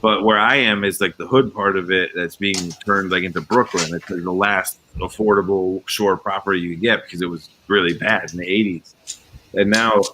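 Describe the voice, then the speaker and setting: A man's voice: low voice, steady tone, moderate pace, noisy background. A man with a slight New York area accent, from coastal Connecticut, hosting a livestream and rambling through anecdotes with lots of fillers and acted-out quotes. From coastal Connecticut near New York. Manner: rambling storyteller, many fillers, acts out quoted voices. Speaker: livestream host. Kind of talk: casual chat while building.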